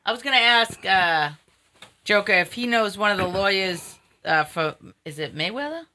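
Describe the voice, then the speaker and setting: A woman of Sicilian heritage hosting a casual live-stream chat, halting with fillers and bluntly joking. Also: medium pitch, animated, sharp tone.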